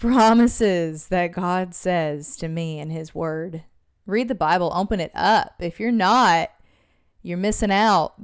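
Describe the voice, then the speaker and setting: A woman giving a casual Christian devotional talk to camera, earnest and chatty, drifting into side notes with quick laughs. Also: fairly low pitch, clear, resonant tone. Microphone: own microphone.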